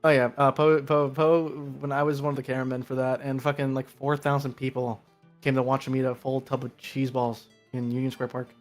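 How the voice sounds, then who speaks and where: A man's voice: mid-range voice, a little fast, faint music behind. Tired young man from New Jersey. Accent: New York. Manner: rambling, animated when telling stories. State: tired from little sleep. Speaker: guest player. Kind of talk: casual chat.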